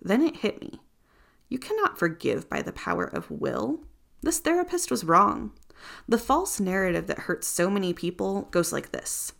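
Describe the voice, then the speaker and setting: A woman's voice: mid-range voice, very animated, normal speed, gravelly, a bit bright. A woman narrating a nonfiction audiobook in the first person, earnest and reflective.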